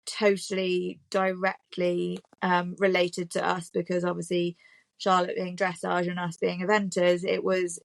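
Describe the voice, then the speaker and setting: A woman's voice: on the low side, no room sound. A British woman, an Olympic rider, chatting reflectively as a podcast guest with frequent ums and restarts. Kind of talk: casual chat.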